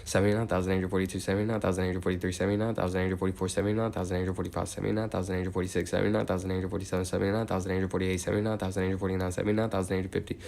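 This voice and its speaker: A man livestreaming as he counts out loud without a break, now and then drifting off into rambling chat full of "like". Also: low-pitched, flat delivery, racing, creaky, few pauses.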